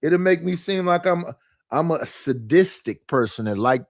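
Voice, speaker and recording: A man's voice: mid-range voice, unhurried, creaky, darkish tone, dry recording, clean studio sound. Exasperated man ranting on a livestream. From Oakland, California. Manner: exasperated, rhetorical, profane. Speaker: livestream host. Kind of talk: casual livestream rant. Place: his living room.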